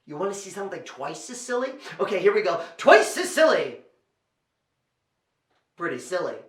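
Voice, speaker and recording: A man's voice: sits high, sing-song, quick pace. A man performing as a children's entertainer and storyteller, talking straight to kids at home with a playful, exaggerated show delivery. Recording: roomy echo.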